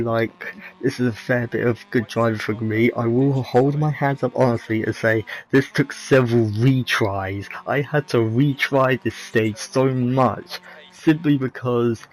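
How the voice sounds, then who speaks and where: A man talks through his racing game footage in a relaxed, unscripted way. He rambles, stumbles and corrects himself, and stays candid about his own skill. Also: medium pitch, a little slow, poor audio. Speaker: gaming video creator. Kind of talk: casual gameplay commentary.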